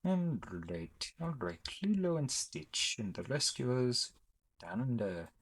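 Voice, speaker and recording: A man's voice: medium pitch, big pitch swings, slow, husky, low-quality recording. A young man giving chatty, rambling commentary as he ranks films on his channel, often correcting himself mid-sentence. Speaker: YouTuber ranking films. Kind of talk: casual commentary.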